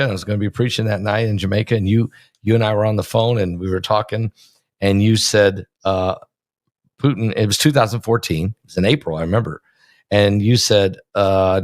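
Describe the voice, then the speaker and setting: A man's voice: fairly low pitch, dry recording, studio quality. Chatty male interview host. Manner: conversational, chatty, asks questions. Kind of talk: casual interview talk.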